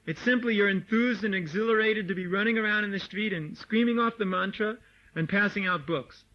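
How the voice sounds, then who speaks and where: Animated high-voiced man lecturing on old tape. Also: a little fast. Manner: animated, mimics voices, laughs often. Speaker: swami giving a lecture. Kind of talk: informal lecture to devotees. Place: meditation hall or farmhouse room. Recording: dull lo-fi 1979 tape recording.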